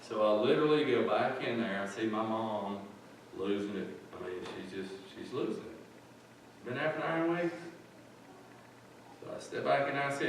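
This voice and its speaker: Pastor preaching in an echoey church. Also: male voice, fairly low pitch, lively intonation, normal speed, long pauses, distant mic, a little hiss or hum. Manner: plain-spoken, folksy storytelling. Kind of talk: sermon. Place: church sanctuary.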